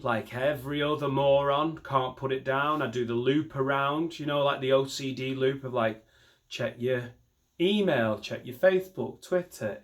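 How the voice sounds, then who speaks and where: Rambling self-deprecating comic. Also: male voice, medium pitch, fairly bright tone. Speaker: stand-up comedian. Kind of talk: stand-up set filmed at home. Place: home garage.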